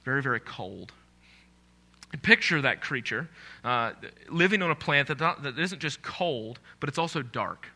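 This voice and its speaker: A man's voice: mid-range voice, expressive, normal speed, pushed and bright. A man preaching a sermon in a conversational way, asking his congregation questions.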